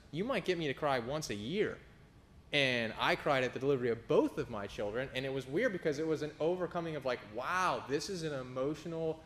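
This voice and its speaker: Male pastor in his thirties, emphatic sermon delivery, faint rumble in the room. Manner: emphatic preaching, rising for scripture, dropping low for anecdotes.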